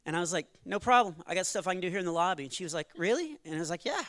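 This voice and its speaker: A man in his forties tells a stand-up set to a live crowd, with a bright, forceful edge and a fairly high voice for a man. He strings anecdotes together in a chatty way and slips into short acted-out quotes. The sound is close and dry. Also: rapid-fire, no room sound. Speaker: stand-up comedian. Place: live venue with audience.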